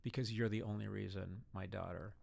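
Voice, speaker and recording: Gravelly man telling stories. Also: on the low side, fairly even intonation, fairly quick, darkish tone. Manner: storytelling, acts out voices of family and others. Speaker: guest. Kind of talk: casual interview chat.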